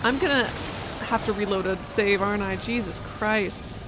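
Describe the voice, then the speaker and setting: A woman's voice: medium pitch, moderate pace. A young woman streamer giving casual, exasperated commentary while playing a game, chatting with her audience. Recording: noticeable background noise.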